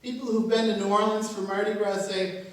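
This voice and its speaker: A woman's voice: medium pitch, steady tone, a little fast. Joking pastor woman, echoey far church. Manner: conversational and humorous, with laughs. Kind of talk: sermon. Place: church sanctuary. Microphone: distant room mic.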